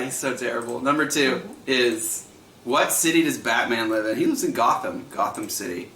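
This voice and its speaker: A man's voice: mid-range voice, moderate pace, sharp tone, roomy sound. A man in his thirties hosting a livestream trivia night, chatty, laughing often and repeating each question.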